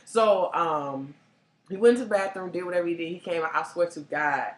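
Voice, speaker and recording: A woman hosting a casual chat, telling stories in an animated, laughing way. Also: lowish voice, moderate pace. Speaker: STD life coach, host. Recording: echoey room.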